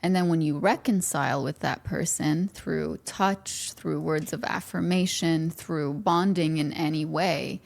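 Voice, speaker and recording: A woman hosting a podcast, talking earnestly and softly straight to the listener, sometimes dropping to a near whisper. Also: sits low, a little slow, vocal fry, hardly any pauses. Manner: earnest, speaks directly to the listener. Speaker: podcast host. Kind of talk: reflective podcast monologue.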